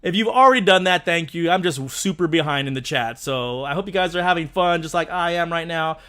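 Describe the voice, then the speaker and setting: His voice is a little high and a little fast. He's a man of about thirty-something, excitedly chatting with viewers on a casual live stream while rambling and frequently starting over.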